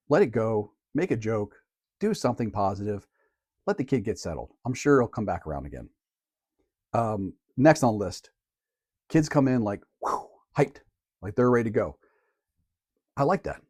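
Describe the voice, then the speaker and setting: Relaxed male teacher, dry close sound. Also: medium pitch, normal speed, dry recording. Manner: relaxed and conversational, plain everyday phrasing. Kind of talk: casual how-to talk to camera.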